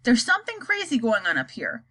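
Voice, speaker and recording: A woman's voice: a little fast, full character voice, rough recording. A woman voicing a panicky male astronaut reporting to ground control. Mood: alarmed. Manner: high, excited, stammering.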